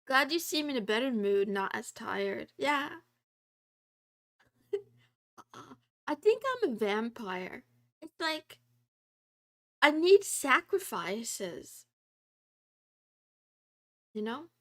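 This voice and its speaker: A woman streamer chatting casually with her viewers, reading study notes aloud, giggling and drifting into soft meows. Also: a little high, expressive, a little slow.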